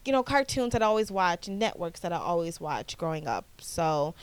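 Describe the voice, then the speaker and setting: A woman in her twenties from the United States, hosting her own podcast in a casual, animated chat with frequent restarts. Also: on the low side, fairly quick, clean tone, no room sound. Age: 20s. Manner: chatty, animated, repeats herself and restarts often. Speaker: podcast host.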